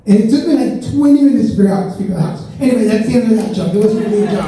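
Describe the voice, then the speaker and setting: A man's voice: high-pitched, rapid-fire, warm tone. Self-mocking male comic in an echoey hall. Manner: chatty, self-mocking, riffs with the crowd. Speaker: stand-up comedian. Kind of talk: stand-up comedy set. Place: stage in an event hall. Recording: echoey hall, mic heard from a distance.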